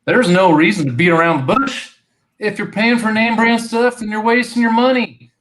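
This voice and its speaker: A man voicing a brash rural man with a put-on Southern US drawl, loud, scornful and folksy. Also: sits high, moderate pace, voice pushed up, rough recording.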